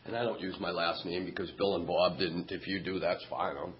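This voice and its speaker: A man's voice: sits low, fairly even intonation, brisk, highs cut off, a little hiss or hum. A middle-aged man telling his story at a recovery meeting, candid and self-mocking. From Massachusetts, USA. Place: meeting hall.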